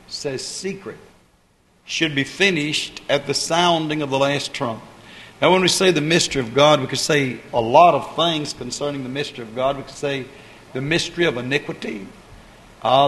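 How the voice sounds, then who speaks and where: A man preaching a sermon in a measured style that builds to fervent emphasis, speaking to a congregation. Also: fairly high pitch, fairly bright tone. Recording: long hall reverb, faint ambient noise.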